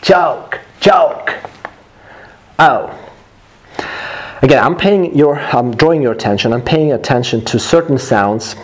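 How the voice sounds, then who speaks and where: A man teaching English pronunciation, repeating phrases slowly for students to copy. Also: medium pitch, lively intonation. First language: Russian. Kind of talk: slow drilling pronunciation lesson.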